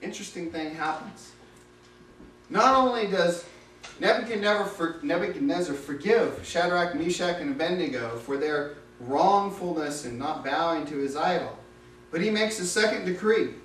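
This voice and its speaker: A high-voiced man preaches a sermon as a dramatic, animated story. The recording is echoey and distant, with a faint hiss underneath. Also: normal speed.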